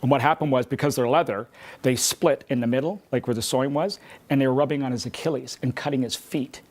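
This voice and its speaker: Fast-talking man telling a collector's story. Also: mid-range voice, darkish tone. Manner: rapid, rambling anecdotes with restarts. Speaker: memorabilia collector. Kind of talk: animated storytelling.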